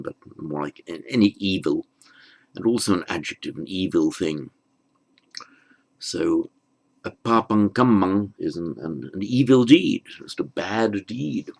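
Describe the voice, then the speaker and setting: Slow, deep-voiced man teaching. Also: creaky, poor audio. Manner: patient, explains word by word; recites the verse slowly. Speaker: Pali language teacher. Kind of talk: unhurried lesson on a verse.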